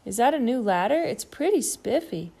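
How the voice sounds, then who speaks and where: A woman's voice: a little high, big pitch swings, moderate pace, creaky, dark tone, slightly rough, pitched above the performer's own voice, full character voice. A woman voicing a cheerful, childlike giant bird in a storybook read-aloud, eager and wondering. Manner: eager, wondering, sometimes plaintive.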